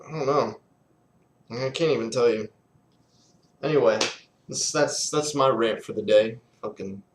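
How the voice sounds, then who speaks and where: A man's voice: medium pitch, fairly bright tone. A young man ranting in a casual vlog, exasperated, sarcastic and swearing often. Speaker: sports fan vlogger.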